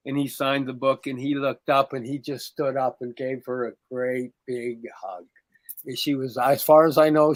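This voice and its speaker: A man's voice: medium pitch, no room sound. A middle-aged man co-hosting a podcast, telling a story in casual chat and acting out the quoted lines with a raised voice. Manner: animated, acts out quoted dialogue in a raised voice. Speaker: podcast co-host.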